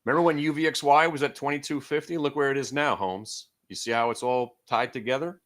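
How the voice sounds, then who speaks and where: Brash, excitable male trading host. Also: mid-range voice, brisk. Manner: brash, joking, excitable swings in loudness. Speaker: day trading stream host. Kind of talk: live trading commentary.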